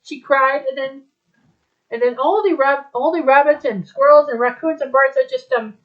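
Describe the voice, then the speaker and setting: A woman retelling a story aloud in a rambling, halting way, with many restarts. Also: high voice. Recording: dull lo-fi recording.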